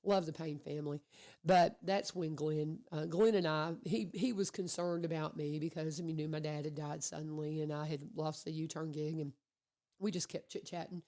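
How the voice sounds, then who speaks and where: A low-voiced woman radio host talks at normal speed in a casual conversational interview recorded in a radio studio. She's chatty and animated, acting out the quotes in her stories.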